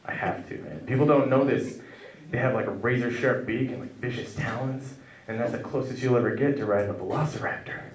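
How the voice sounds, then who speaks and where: Deadpan man doing stand-up in an echoey club. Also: mid-range voice, brisk. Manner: deadpan absurd storytelling, acts out quoted voices. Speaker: stand-up comedian. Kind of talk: stand-up comedy set. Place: comedy club stage. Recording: echoey club recording from far off with crowd. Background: audience laughter.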